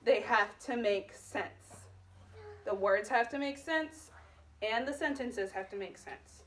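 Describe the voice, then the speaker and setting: Brief: woman teacher, high bright voice, coaxing questions to small kids, heard from across a classroom. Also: slow, distant mic, slight background noise. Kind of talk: phonics lesson to young children. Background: children's voices.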